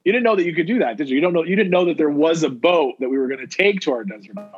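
Brief: man, fairly high voice, easygoing co-host who swears and repeats himself; muffled lo-fi recording. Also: expressive, racing, husky, faint music behind. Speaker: podcast co-host. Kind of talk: casual chat. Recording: muffled lo-fi audio.

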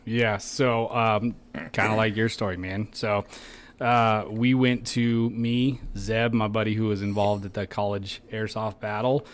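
A man's voice: on the low side, little pitch movement, unhurried. A man as a podcast guest, telling stories in a laid-back, joking way with easy laughs. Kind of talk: casual storytelling.

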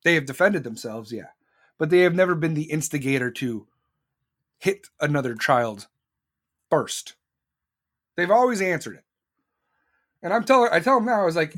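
A man's voice: high-pitched, expressive, a little slow, long pauses, a bit bright. A man hosting a podcast, ranting in a blunt, profane monologue and repeating lines for emphasis. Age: adult with children. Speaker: podcast host.

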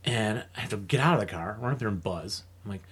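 A man leading a casual group discussion, telling a story with lively acted-out quotes and frequent laughter. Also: fairly low pitch, fast, husky. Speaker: discussion leader.

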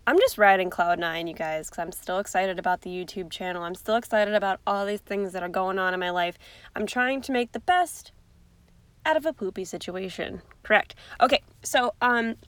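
A woman's voice: mid-range voice, normal speed, a bit bright, clear, resonant tone, dry recording. A woman hosting an unedited podcast, rambling in a bubbly, chatty way with goofy asides. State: hiccups. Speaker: podcast host.

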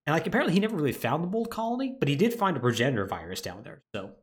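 A podcast co-host with a fairly high voice talks very fast, recapping a plot in an animated, casual chat and laughing often.

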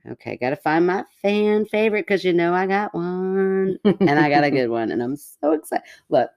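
A woman's voice: on the low side, animated, normal speed, darkish tone. A woman co-hosting a podcast in casual chat, rambling with many "like" fillers. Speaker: podcast co-host.

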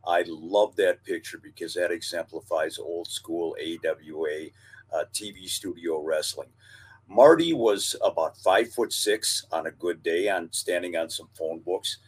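A man co-hosting a casual podcast chat, recalling old times in a measured, knowledgeable way. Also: low voice, breathy edge. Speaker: co-host and former wrestling announcer.

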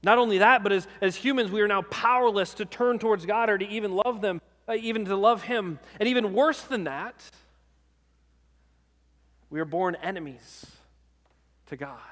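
Pastor guy preaching casual style, keeps asking right?, high-ish voice, echoey church hall. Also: moderate pace, a bit bright. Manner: conversational preaching, often asks "right?". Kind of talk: sermon.

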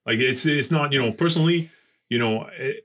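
French-accented chef guest, bright and rambling. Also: male voice, medium pitch. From France. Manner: rambling, halting delivery. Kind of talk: casual chat.

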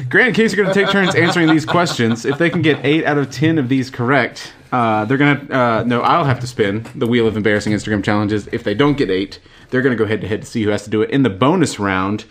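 A man's voice: mid-range voice, fast talker, fairly bright tone. A man hosting a casual podcast quiz, reading out headlines and laughing at his own slips. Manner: giggly, self-interrupting, laughs at own jokes. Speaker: podcast host.

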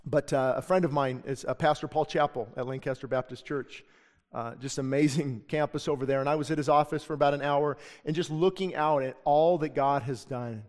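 A middle-aged man preaches in an impassioned sermon style, his voice sitting a little high for a man. He acts out the people he quotes as he goes. The sound carries a long reverb like a big church sanctuary. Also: fairly even intonation, brisk, darkish tone. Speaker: pastor.

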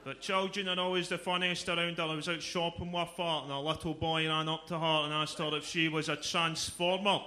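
A young man with a Glaswegian accent performing a stand-up comedy set, delivering jokes in a dry, deadpan manner. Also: on the high side, brisk, few pauses. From Scotland. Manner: deadpan delivery, breaks into loud exaggerated shouting for punchlines.

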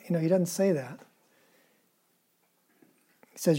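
Mellow-voiced conversational preacher. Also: medium pitch, slow, long pauses, husky. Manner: asks the listeners questions and retells scripture in a casual, everyday voice. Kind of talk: conversational sermon.

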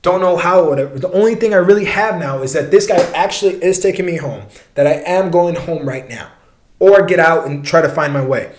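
A man's voice: a little high, fairly quick, echoey room, slight background noise. A young man telling a long personal story in a casual, rambling way, swearing often and restarting his sentences.

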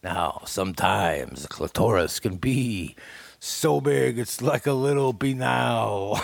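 A man co-hosting a comedy podcast, brash and boastful, with a gravelly voice and loud laughs. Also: lowish voice, slow, dry recording. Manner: brash, boastful tough-guy patter with frequent laughs. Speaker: podcast co-host. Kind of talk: improvised comedy banter.

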